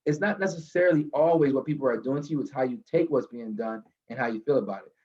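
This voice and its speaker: Guy telling a pep-talk story from his car, mid pitch, kinda dull muffled call sound. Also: quick pace. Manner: animated storyteller, builds to a lesson. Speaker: guest speaker. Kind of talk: motivational storytelling.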